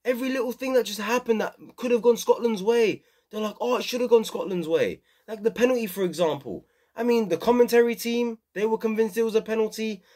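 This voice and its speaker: A man's voice: high voice, steady tone, fast, darkish tone. Young male vlogger, casual football chat, opinionated and rambling, plenty of ums. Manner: rambling, opinionated, many fillers. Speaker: football channel host. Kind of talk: casual football review vlog.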